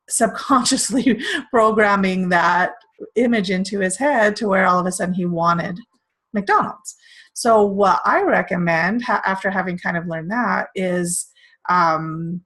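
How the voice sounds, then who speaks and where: A woman's voice: lowish voice, a bit bright, rough recording. A middle-aged woman hosting a casual spiritual self-care talk, earnest and rambling, with many fillers. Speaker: self-care course host.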